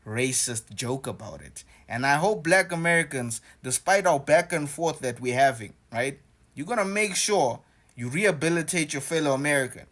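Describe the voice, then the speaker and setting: A man giving reaction commentary in a calm, pleading manner. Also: on the high side, moderate pace.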